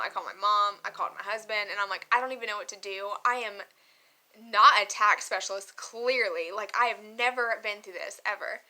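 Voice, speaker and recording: Bright, chatty young woman vlogging. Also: mid-range voice. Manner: chatty, emotional, laughs often, many fillers. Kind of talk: casual chat to camera.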